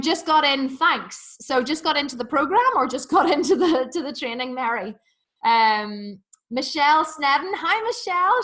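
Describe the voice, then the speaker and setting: A woman fitness coach talks fast and warmly to her live audience, reading out their comments. Her voice sits a little high, and she restarts sentences often in an eager, chatty rush.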